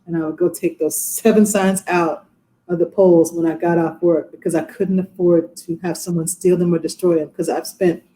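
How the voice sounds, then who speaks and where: A woman in her forties, a judge, speaks over a video call from her courtroom. Her voice is warm and mellow. She tells her stories with lively energy. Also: lowish voice, moderate pace, low-quality recording. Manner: animated, acts out quoted voices. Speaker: judge, interview guest. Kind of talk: casual storytelling in a podcast interview.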